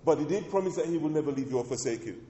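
A man's voice: on the high side, animated, rapid-fire, dark tone, dull audio. A man preaching a sermon as pastor, calling out to the congregation and reading scripture with rising emphasis. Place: church. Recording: echoey church hall.

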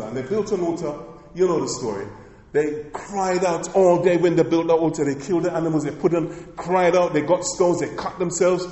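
A man's voice: on the high side, fairly quick, mellow, reverberant, big-room sound. A man preaching a sermon as pastor, emphatic and repetitive, with many rhetorical questions to the congregation.

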